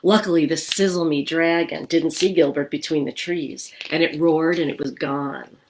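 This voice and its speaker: A middle-aged woman librarian reading a picture book aloud to children, expressive and asking them questions. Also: low voice, moderate pace, a little hiss or hum. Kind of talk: storytime read-aloud.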